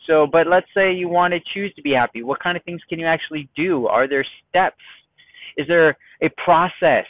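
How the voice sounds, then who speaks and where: Man, car podcast, animated ranting, fairly high voice, tinny phone-like sound, dry. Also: no room sound. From United States. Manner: animated, ranting and self-mocking. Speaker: podcast host. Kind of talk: casual solo podcast monologue. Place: in his car in traffic.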